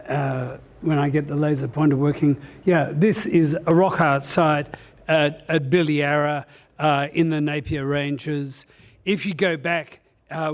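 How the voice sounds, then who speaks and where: Slow-talking man presenting. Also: a little high. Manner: humorous, rambling storyteller with frequent "uh" fillers. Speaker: conference presenter. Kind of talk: conference presentation. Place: conference session room.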